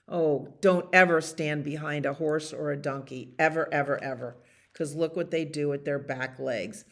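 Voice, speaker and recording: A woman librarian reading a picture book aloud to children in an animated, expressive way. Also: sits low, normal speed.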